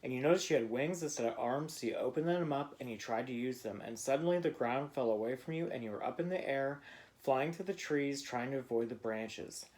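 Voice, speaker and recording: A man narrating a bedtime story to a child in a gentle, playful way. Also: medium pitch, a little fast.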